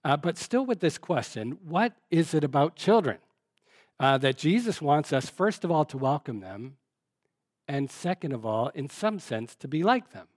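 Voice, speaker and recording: A man's voice: a little high, big pitch swings, moderate pace, no room sound, clean studio sound. A man preaching a sermon in an earnest, conversational way, posing rhetorical questions and often restarting his sentences. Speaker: pastor.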